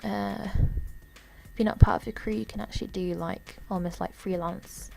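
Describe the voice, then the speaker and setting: A tired woman giving casual, rambling commentary while walking through a game, often unsure and filling pauses. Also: mid-range voice, steady tone, creaky, warm tone. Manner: rambling, unsure, lots of fillers. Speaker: gamer.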